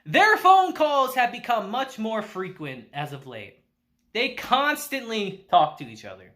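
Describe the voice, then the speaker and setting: A male anime reviewer rattles through an episode recap in a chatty, animated way. His voice is bright and edgy, and his pitch swings all over the place. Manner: animated, chatty, laughs often.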